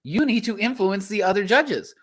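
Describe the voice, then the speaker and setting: A man's voice: high-pitched, normal speed. A man hosting a streamed poetry slam, introducing poets and explaining how the audience votes. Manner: hyped announcer who grows calm and explanatory. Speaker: host.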